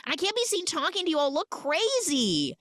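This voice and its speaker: A woman voicing a spunky twelve-year-old girl with high, exasperated squeaks during a comic recap. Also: big pitch swings, fairly quick, a bit bright, no room sound, clean studio sound, exaggerated voice. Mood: flustered.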